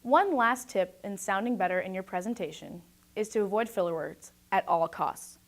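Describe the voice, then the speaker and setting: This medium-pitched young woman delivers a scripted talk about presentation skills. Her delivery is deliberate, clear and well projected.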